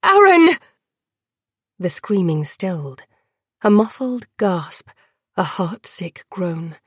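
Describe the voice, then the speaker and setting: A woman narrating a dark fantasy audiobook in a slow, hushed, dramatic way. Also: lowish voice, husky, no echo, studio quality.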